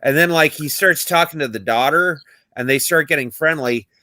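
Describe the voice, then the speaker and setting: A man with a bright, forceful voice retells stories in a loose, chatty way. The sound is dry and close. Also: a little high, normal speed, no echo. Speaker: podcast co-host. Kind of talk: casual chat.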